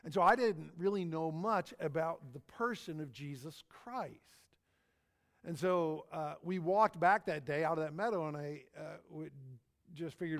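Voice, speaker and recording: Folksy storytelling preacher man, higher voice. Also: measured pace, gravelly, fairly bright tone. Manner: folksy, anecdotal, repeats phrases. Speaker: pastor. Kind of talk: sermon storytelling.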